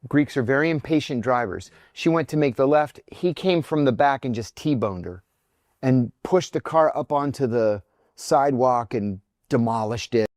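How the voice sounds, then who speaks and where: Middle-aged man, interview guest, mid pitch, dry sound, animated storytelling, acts out quotes. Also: normal speed, dry recording. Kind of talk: telling a personal story in an interview.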